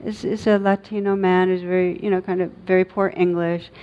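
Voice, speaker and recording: A middle-aged woman, a meditation teacher, giving a dharma talk in a reflective, halting way with many pauses and fillers. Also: lowish voice, little pitch movement. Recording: dull lo-fi recording.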